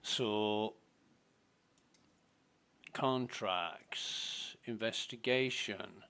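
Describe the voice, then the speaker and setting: A man's voice: lowish voice, pushed and bright, clean tone. A man giving casual, self-mumbling commentary while playing a space game. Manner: slow, muttering to himself, self-deprecating.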